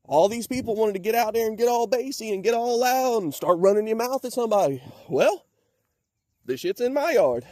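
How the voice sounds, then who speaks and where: A man's voice: sits high, expressive, fairly quick, darkish tone, no echo, clean studio sound. Furious, profane man. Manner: profane, heated, threatening. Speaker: vlogger, truck project owner. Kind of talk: angry rant to camera; casual project talk.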